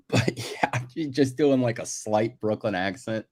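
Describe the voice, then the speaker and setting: Male co-host, lowish voice, chatty and laughing, loose podcast banter. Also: measured pace, a little mellow. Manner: chatty, laughs easily, many "like" fillers. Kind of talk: casual podcast chat.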